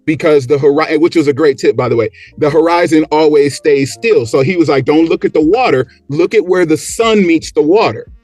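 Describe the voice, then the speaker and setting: A man telling a story as a podcast guest, animated and acting out the quotes and motions as he goes. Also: fairly high pitch, a little fast, few pauses, no room sound, soft background music. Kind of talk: casual storytelling.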